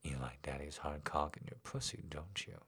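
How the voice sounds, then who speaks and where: A man voicing a domineering older man who murmurs and growls in a hushed, low voice. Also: expressive, moderate pace, creaky, breathy edge, full character voice.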